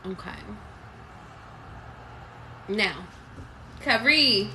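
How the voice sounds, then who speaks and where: A woman's voice: mid-range voice, expressive, very slow, background noise. Blunt, profane woman tarot reader. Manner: casual, blunt and profane, streams intuitive messages. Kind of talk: live tarot reading.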